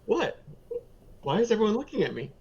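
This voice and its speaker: A man's voice: sits high, big pitch swings, fairly quick, darkish tone, breathy edge. A man playing in a tabletop game, joking wryly with the group. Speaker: player. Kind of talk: casual tabletop play. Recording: dull lo-fi mic.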